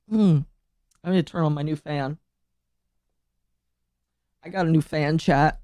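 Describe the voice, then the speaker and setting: A woman's voice: deep voice, a little mellow, dry recording. A woman streams from home and chats loosely to her viewers, giggling as she rambles. Her throat keeps catching with coughs. The sound is close and dry. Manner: giggly, rambling, talks to chat. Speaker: streamer reacting to a video. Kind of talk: casual live-stream chat.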